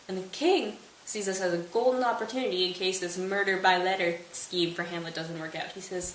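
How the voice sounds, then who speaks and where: A woman's voice: medium pitch, fairly even intonation, moderate pace. Woman host, sarcastic casual recap, distant mic in an echoey room, faint hiss. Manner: sarcastic, jokey. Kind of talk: casual study retelling.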